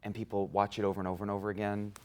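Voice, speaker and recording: A man in his twenties, an actor being interviewed, talking in a casual, animated way and laughing through his stories. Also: fairly low pitch, racing. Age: 20s. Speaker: guest actor.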